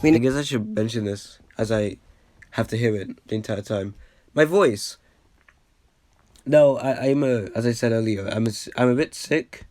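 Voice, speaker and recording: A man's voice: mid-range voice, moderate pace, a little mellow, no room sound. A man who is a bit under the weather talks through his old video in loose, rambling commentary. He restarts sentences and keeps poking fun at himself. His mid-range voice sits in a dry, close recording with no room sound. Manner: rambling, lots of fillers and restarts, self-deprecating. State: a bit sick. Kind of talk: casual commentary.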